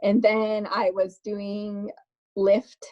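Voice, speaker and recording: A woman's voice: medium pitch, little pitch movement. Chatty woman with muffled lo-fi sound. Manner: chatty, quick laughs, many fillers. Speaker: podcast guest, makeup artist. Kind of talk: casual storytelling interview.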